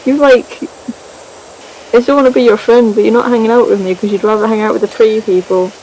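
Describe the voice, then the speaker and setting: A woman voicing a hurt teenage girl who feels sidelined by her friend and speaks in an indignant, rushed way. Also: on the high side, fairly even intonation, warm tone, slight background noise, natural voice, poor audio.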